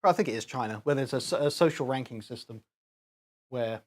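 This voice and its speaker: A man's voice: mid-range voice, brisk. A man hosting a live stream, chatting casually and rambling with chuckles while he talks to his chat.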